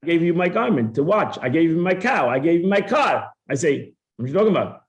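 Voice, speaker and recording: A man with a fairly high voice teaches a classroom Talmud lesson. He acts out the claims of both parties in an animated way and restarts his phrases often. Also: a little fast. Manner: repeats words and restarts often. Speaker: Torah teacher.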